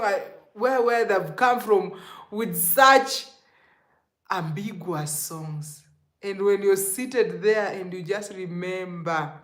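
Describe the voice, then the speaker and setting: A young Kenyan woman with a Kenyan accent telling stories to camera in an animated way, laughing and dropping to hushed asides. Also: medium pitch. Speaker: vlogger. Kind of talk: casual storytelling to camera. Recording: echoey room.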